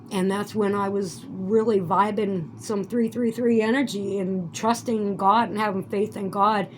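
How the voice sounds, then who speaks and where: A woman's voice: medium pitch, slight background noise. A woman rambling through a casual vlog monologue, swearing and breaking into indignant outbursts. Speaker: vlogger.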